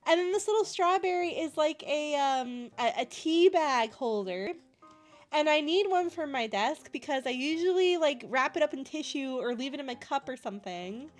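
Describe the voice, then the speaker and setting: A woman's voice: sits high, animated, moderate pace, faint music behind. A bubbly young woman from Canada chatting casually with her stream chat, giggling often and gushing over cute things.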